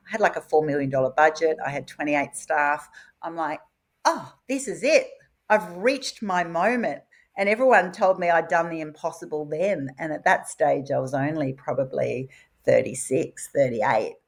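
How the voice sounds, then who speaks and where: A woman tells her story in a podcast interview. Her voice sits a little low, and she swings her pitch widely as she acts out quoted conversations. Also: moderate pace, gravelly. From Australia. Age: 50s.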